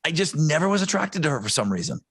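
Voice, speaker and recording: A man with a fairly high voice talks in lively, swinging tones as he rants about movies, swearing often. His voice sounds close and dry, with no room sound. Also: fast talker, husky, no echo. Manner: animated and crude, swears often. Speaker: podcast co-host. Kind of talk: casual chat.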